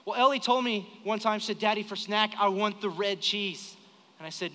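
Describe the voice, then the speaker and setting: Bright-voiced man preaching in a reverberant church. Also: sits high, fairly quick. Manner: storytelling, animated, acts out dialogue. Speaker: pastor. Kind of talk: sermon. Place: church sanctuary during live service. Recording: live church hall with reverb.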